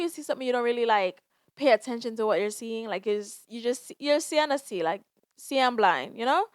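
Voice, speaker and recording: Recorded dry in a clean studio, a young woman with a fairly high-pitched voice talks alone on her casual podcast, sighing frequently, swearing, and sharing her feelings candidly.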